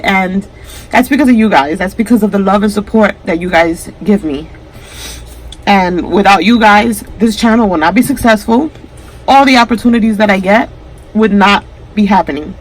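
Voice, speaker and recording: A crafting-channel host addresses the camera in a casual vlog, her emotion so heartfelt she's nearly in tears. Her voice is mid-range, and the recording is rough.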